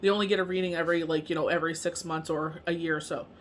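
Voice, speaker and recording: Her voice sits low and her intonation stays fairly even as she talks rapid-fire. The Canadian tarot reader and medium rambles through a casual monologue, leaning heavily on fillers like "you know what I mean."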